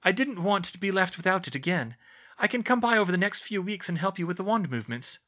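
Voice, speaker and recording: A man's voice: high-pitched, expressive, fast talker, sharp tone, highs cut off, voice pushed up, full character voice. A man voicing a nervous, earnest teenage girl in an audiobook reading. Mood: eager.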